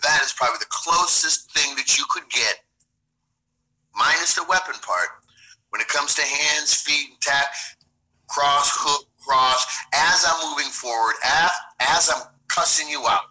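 Bright-voiced streetwise man. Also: a little high, a little slow, poor audio. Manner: blunt, streetwise, profane. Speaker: podcast guest, self-defense instructor. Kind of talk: casual interview talk.

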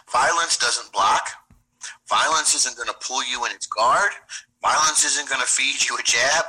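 A man's voice: medium pitch, pushed and bright, poor audio. A man talking as a self-defense instructor in a casual interview, blunt, streetwise and profane.

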